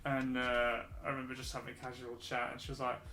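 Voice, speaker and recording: A man's voice: medium pitch, completely flat delivery, fast, sharp tone. A British man with a mixed Midlands and Scouse accent, chatting loosely and laughing easily while drawing on a stream. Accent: mixed English, Midlands and Scouse. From Britain. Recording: roomy echo, faint music.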